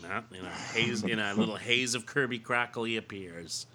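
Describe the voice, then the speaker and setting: A man's voice: on the low side, normal speed, pushed and bright. A man co-hosting a podcast, chatting casually and making playful jokes. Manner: playful, joking. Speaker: podcast co-host. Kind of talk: casual chat.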